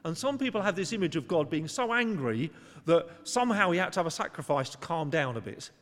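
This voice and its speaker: A man's voice: a little high, expressive, a little fast, a bit bright, in a large hall. A man preaching a sermon in an earnest, conversational way, sometimes acting out short voices for emphasis. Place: church.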